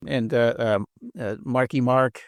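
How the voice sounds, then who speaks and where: A man co-hosting a podcast in relaxed, rambling chat, laughing often. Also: mid-range voice, unhurried, no echo, studio quality. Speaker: podcast co-host. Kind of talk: casual chat.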